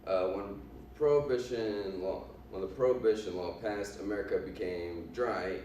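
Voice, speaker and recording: A man's voice: fairly low pitch, darkish tone, slight background noise, lightly acted. A man doing cocky gangster boss Al Capone. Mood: boastful. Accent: put-on Italian. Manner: halting, with many ums and uhs. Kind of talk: in-character class presentation. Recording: echoey room from far off.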